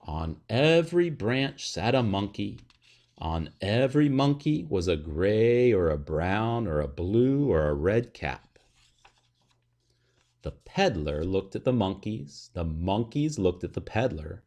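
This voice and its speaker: A man reading a children's picture book aloud in an expressive, sing-song way. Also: lowish voice, unhurried. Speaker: storybook reader.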